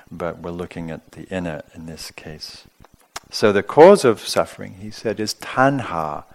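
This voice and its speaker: A man giving a dharma talk at a retreat, gentle and conversational, with light humor and frequent fillers. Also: low voice. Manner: warmly humorous. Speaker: meditation teacher.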